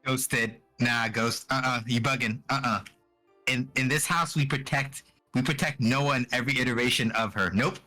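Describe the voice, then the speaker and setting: A man's voice: mid-range voice, steady tone, normal speed, pushed and bright, faint music behind. A man co-hosting a game stream, laid-back and explaining game rules with casual swearing. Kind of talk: casual livestream banter.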